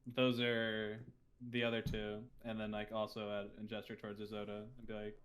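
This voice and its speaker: A man's voice: fairly low pitch, monotone, moderate pace, a bit bright. A man playing a tabletop role-playing game, talking in a casual, amused way. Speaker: player.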